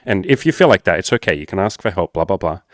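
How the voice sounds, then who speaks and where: Male dating coach, low voice, frank and sweary, talks straight to camera; dry recording. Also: big pitch swings, fast, dry recording. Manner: candid and blunt, swears freely; addresses viewers as guys. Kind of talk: casual talk to camera.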